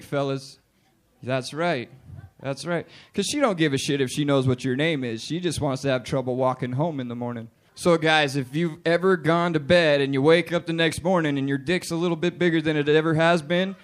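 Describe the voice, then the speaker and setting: A man in his late twenties doing a profane, punchy stand-up comedy set in a bar. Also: a little high. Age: 20s. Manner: profane, loud, punchy delivery with put-on voices. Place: bar stage with live audience.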